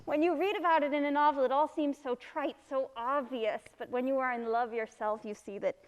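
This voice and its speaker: A woman's voice: high voice, steady tone, fairly quick, in a large hall, lightly acted, poor audio. A woman playing a passionate, restless young married woman in an amateur stage drama, speaking in a heartfelt, confessional way. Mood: confessing.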